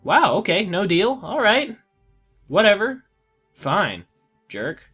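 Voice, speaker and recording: Man, gameplay commentary, bright tone, lively swings in pitch, exasperated. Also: takes it slowly, breathy edge, soft background music. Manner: animated, talks to the game, exasperated outbursts. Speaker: let's play gamer.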